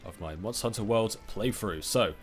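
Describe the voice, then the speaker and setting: A man's voice: on the low side, moderate pace, soft background music. A man hosting a let's-play, chatting casually over his gameplay with plenty of fillers and restarts. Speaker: gaming let's-play host. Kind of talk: casual game commentary.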